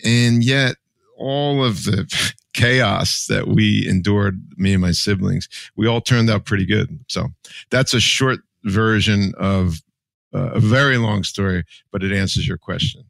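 A man's voice: fairly low pitch, unhurried, vocal fry, fairly bright tone, no echo. A man in his sixties from New Jersey, a podcast guest telling his life story candidly and with emotion. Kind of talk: personal storytelling.

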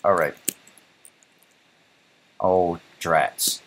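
Male instructor, very low and husky, casual live-coding lecture, thinks out loud. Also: fairly even intonation, very slow. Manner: casual, thinks aloud, keeps asking "right?". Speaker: programming instructor.

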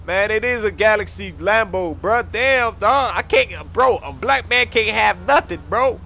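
A man's voice: high-pitched, animated, a little slow, creaky, pushed and bright, slight background noise, full character voice. A man playing a whiny young driver pulled over by a cop, pleading and complaining. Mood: indignant. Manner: pleading and complaining, calls everyone bro.

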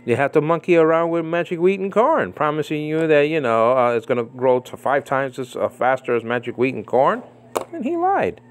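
A man giving casual spoken commentary on a religious debate, animated and mocking, with many fillers and repeated phrases. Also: mid-range voice, fairly quick, hardly any pauses. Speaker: Bible commentator. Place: living in the Philippines.

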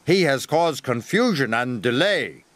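A man voicing a stern but kindly older male railway boss who speaks in a booming, commanding way. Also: very animated, unhurried, fairly bright tone, slight background noise.

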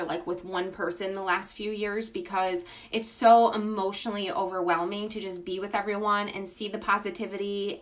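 A woman hosting a casual livestream from her phone, pitching her beauty business to viewers. She talks in a gushing, enthusiastic and informal way and greets viewers by name. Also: fairly bright tone.

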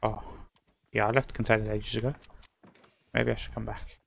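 A man streaming a game live, talking excitably to a teammate, swearing and breaking into quick laughs. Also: lowish voice, vocal fry, breathy edge. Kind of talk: live gaming commentary.

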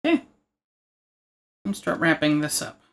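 A man's voice: a little high, very animated, normal speed, gravelly, fairly bright tone. Guy chatting while he draws, jokey, rambles off topic. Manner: joking, rambling asides. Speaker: art tutorial host. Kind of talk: casual narration while drawing.

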